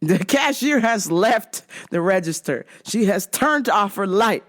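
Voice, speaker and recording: Animated woman telling a story. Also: medium pitch, a little slow. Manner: animated, laughs often, blunt. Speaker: host. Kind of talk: casual storytelling vlog.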